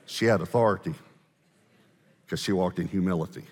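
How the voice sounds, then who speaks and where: A man preaching a storytelling sermon, animated, with fast asides and slow dramatic pauses. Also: low voice, husky. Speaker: pastor. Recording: echoey hall, live sermon.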